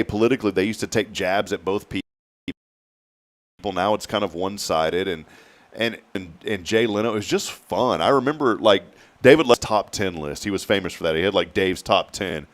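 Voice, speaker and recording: A middle-aged man with a lowish voice hosts a casual morning show. He chats easily and acts out the lines when he retells old TV skits. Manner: animated storyteller, acts out quotes. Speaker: radio show host.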